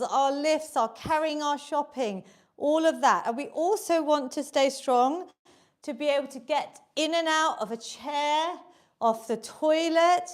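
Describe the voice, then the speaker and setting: High-voiced woman coaching a workout. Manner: encouraging, cueing moves and counting reps. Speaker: fitness instructor. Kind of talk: coaching a live online exercise class.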